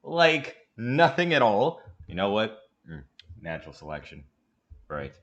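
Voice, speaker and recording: Animated man hosting a reaction video. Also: lowish voice, unhurried, highs cut off. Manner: animated, emphatic, laughs along. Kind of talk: casual reaction commentary.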